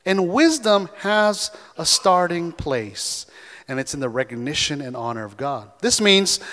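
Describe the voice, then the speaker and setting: A male pastor preaching a sermon in a church, animated and calling out to the congregation for responses. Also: mid-range voice. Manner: animated, calls for audience response. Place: church sanctuary. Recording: long church hall reverb.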